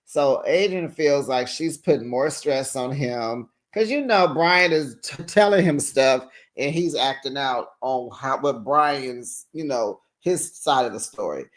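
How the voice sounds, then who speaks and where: A man's voice: medium pitch, a little slow, hardly any pauses. A tired man giving a casual, sassy recap of a reality show, chatting to his viewers with slangy asides.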